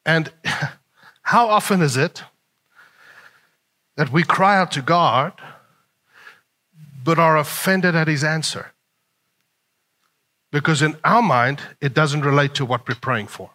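A male pastor preaching a sermon in an animated way, often chuckling. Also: on the high side, slow, long pauses.

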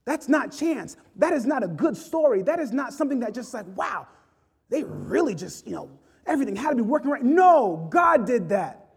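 High-voiced husky male preacher. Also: very animated, normal speed. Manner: impassioned, rising and falling delivery. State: choked up with emotion. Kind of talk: sermon.

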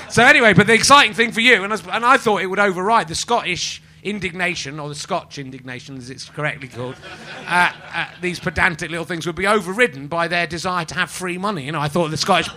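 A man's voice: high voice, brisk, pushed and bright. A man from England hosting a live podcast in front of a small audience, chatting in a rambling, mock-indignant, jokey way. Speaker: podcast host. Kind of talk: live stand-up podcast chat.

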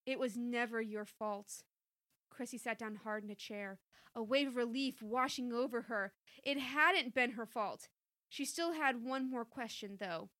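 A woman reads a comic story aloud with a deadpan delivery and slips in little asides. Her voice sits high and sounds bright and sharp. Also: moderate pace. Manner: deadpan delivery, giggles at the text. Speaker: reader, co-host.

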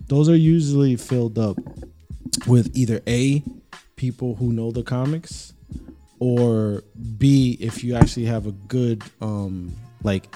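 A young man co-hosting a podcast, talking in a rambling, profane, animated way about comedy shows. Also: medium pitch, measured pace, over music. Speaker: podcast co-host. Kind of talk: casual chat.

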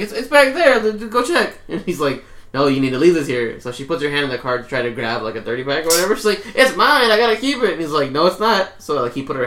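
A man's voice: mid-range voice, sharp tone. Swearing young man telling a story. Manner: laughs often, swears, mimics people in stories. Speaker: podcast co-host. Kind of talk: casual chat.

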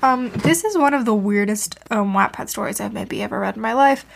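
Young woman, higher voice, casual rambling monologue, self-deprecating, filler-heavy, home mic. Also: fairly quick, vocal fry, slight background noise. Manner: chatty and self-deprecating, laughs often, many fillers. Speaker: podcast host reviewing fan fiction. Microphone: home mic she adjusts herself.

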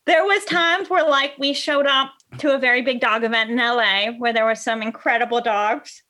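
A woman dog trainer chatting as a podcast guest, telling animated stories and acting out what people said. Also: fairly high pitch, normal speed. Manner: animated storyteller, acts out quotes. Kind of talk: casual podcast chat.

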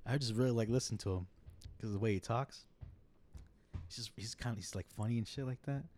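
A man's voice: medium pitch, brisk, a little mellow, a little hiss or hum. A man co-hosting a casual podcast, easygoing and a bit hesitant, laughing often. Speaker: podcast co-host.

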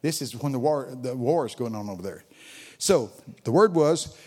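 A man's voice: mid-range voice, expressive, moderate pace, a little mellow. An older man preaching a sermon as a guest speaker, telling stories and chatting with people in the audience. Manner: storytelling, chats with audience members.

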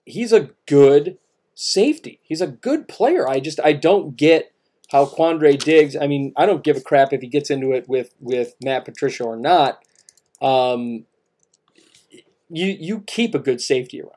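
Mellow-voiced man ranting about sports. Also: fairly high pitch, animated, a little slow. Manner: emphatic, repeats points, many restarts. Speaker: podcast co-host. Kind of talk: casual sports talk.

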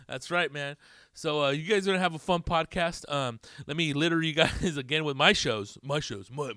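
A man's voice: medium pitch, bright, forceful tone, dry recording, clean studio sound. Profane, rambling podcast host man. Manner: profane, rambling, laughs at his own jokes. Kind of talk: casual podcast chat.

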